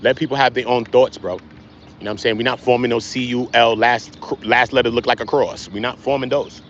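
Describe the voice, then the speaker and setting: A man hosting a casual livestream, talking straight to his chat in slangy, animated speech. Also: mid-range voice, fairly quick, dull audio, a little hiss or hum. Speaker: livestream host.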